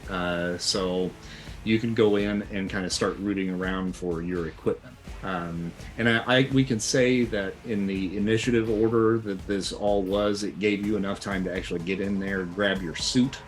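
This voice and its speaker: A man's voice: deep voice, fairly even intonation, moderate pace. A man running an online tabletop game as game master, patiently explaining rules and the scene step by step with many fillers.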